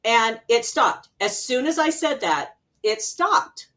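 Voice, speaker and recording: A middle-aged woman from Arizona, an intuitive healer guesting on an interview show, telling a personal story in an animated way, laughing often and acting out remembered voices. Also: a little high, slow pace, a little hiss or hum. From Arizona, USA.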